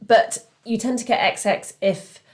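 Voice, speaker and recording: A woman's voice: medium pitch, unhurried. A woman biologist as a guest in a casual conversation over a video call, who explains plainly and laughs readily.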